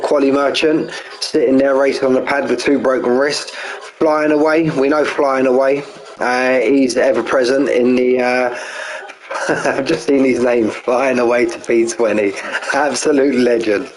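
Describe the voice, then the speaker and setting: A man's voice: mid-range voice, low-quality recording. A man with a Cockney accent hosting a sim-racing league live stream, chatting casually and greeting viewers by name.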